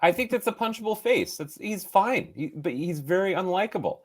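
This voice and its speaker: A man's voice: high-pitched, lively intonation, normal speed. A man co-hosting a movie review podcast, talking in a rambling, playful, opinionated way. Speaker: podcast co-host. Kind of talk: casual movie review chat.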